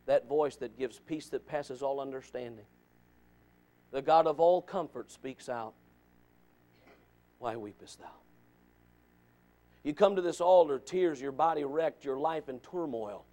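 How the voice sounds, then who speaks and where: A male pastor preaching a sermon, swinging between shouting and hushed softness, with stammering restarts. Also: on the high side, moderate pace.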